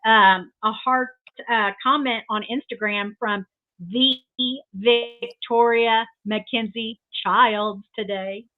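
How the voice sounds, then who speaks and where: A woman's voice: fairly high pitch, steady tone, slow. An older woman co-hosting a craft stream, gushing and rambling with many fillers. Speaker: co-host. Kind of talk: casual chat. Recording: tinny phone-like remote line.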